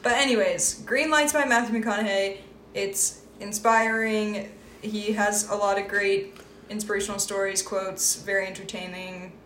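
A woman co-hosting a casual podcast chat, animated and loose-tongued. Her voice sits at a middling pitch. The room is echoey, with faint noise underneath. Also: moderate pace. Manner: animated, swears casually, mimics voices when retelling. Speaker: podcast co-host.

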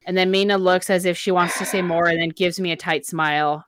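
Expressive woman with a smooth, dry voice. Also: fairly low pitch, fast talker, hardly any pauses, no echo. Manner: expressive, reading quotes with feeling. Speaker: podcast co-host recapping a book. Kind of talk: casual chat retelling a story.

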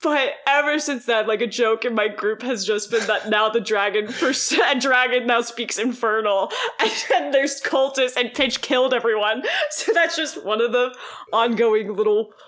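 A young woman guest telling a story casually, animated, with lots of laughter and fillers. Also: fairly high pitch, normal speed. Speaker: podcast guest.

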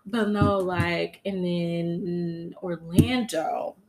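A woman co-hosting a casual podcast, telling stories in an animated, dramatic way with lots of cursing. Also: lowish voice, drawn-out words, a little hiss or hum. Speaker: podcast co-host. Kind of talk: casual chat.

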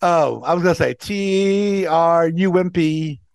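A man co-hosts a casual talk show and tells stories in a wry way. His voice sits fairly high and has a gravelly grain, and the sound is dry and close. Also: slow pace, no room sound. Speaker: podcast co-host. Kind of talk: casual chat.

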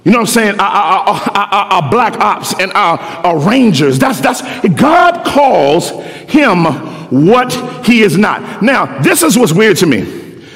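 Animated slangy preacher. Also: male voice, high voice, unhurried. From Philadelphia. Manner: slangy, animated, repeats words. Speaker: pastor. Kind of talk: sermon. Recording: echoey hall.

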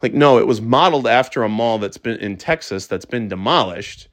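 A middle-aged man talks in a loose, casual monologue, his pitch sitting right in the ordinary middle for a man. He gets worked up fast, trips over his own restarts and swears without a second thought. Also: lively intonation, fairly bright tone. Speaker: podcast host.

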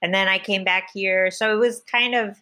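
A woman's voice: mid-range voice, fairly even intonation, moderate pace, pushed and bright. Woman comedian on a podcast, mid voice, chatty, laughs a lot, keeps hedging stuff. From United States, Indian immigrant parents. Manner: chatty, laughs often, self-qualifying asides. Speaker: comedian guest. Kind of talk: casual chat.

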